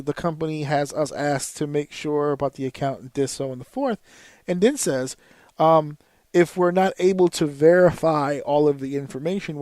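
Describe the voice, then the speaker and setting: Profane ranting man, high-ish voice. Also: no room sound, studio quality. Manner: profane, exasperated, loud outbursts. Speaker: podcast host. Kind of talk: casual storytelling rant.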